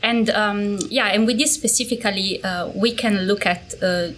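A woman's voice: mid-range voice, normal speed, a bit bright, slight background noise. Woman with a strong Italian accent. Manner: hesitant, with many fillers. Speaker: panel guest researcher. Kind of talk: academic panel discussion.

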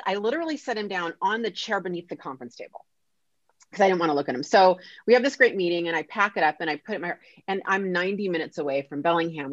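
A woman speaks as a podcast guest, telling a story in a lively way and playing out the voices of the people in it. Her voice sits on the low side for a woman. The recording is dry and slightly muffled, like a lo-fi mic. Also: dry recording. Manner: animated, acts out quoted dialogue. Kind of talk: casual storytelling interview. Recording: dull lo-fi sound.

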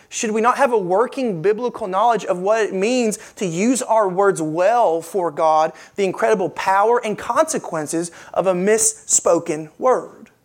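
A woman preaching a sermon, earnest and emphatic, with rhetorical questions and repeated phrases. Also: mid-range voice.

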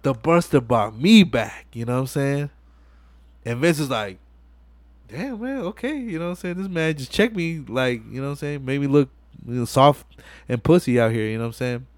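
A man hosting a podcast, excitedly retelling a movie scene by scene in profane, casual slang. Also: mid-range voice, brisk, clear, resonant tone, no echo. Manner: profane, animated retelling full of "you know what I'm saying". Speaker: podcast host. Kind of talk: casual movie-recap chat.

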